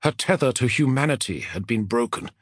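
A man reading a fantasy novel aloud as an audiobook narrator, with a dramatic, expressive delivery. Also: mid-range voice, brisk, no echo, clean studio sound.

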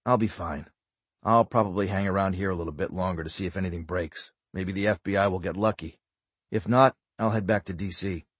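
A man doing a calm, guarded agent. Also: slightly rough, no room sound. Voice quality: low, quiet and measured.

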